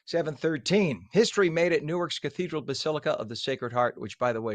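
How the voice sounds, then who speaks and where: A man's voice: medium pitch, no echo. Ranting New talk-radio man. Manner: ranting, heated and sarcastic. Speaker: morning show host. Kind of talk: opinionated news commentary.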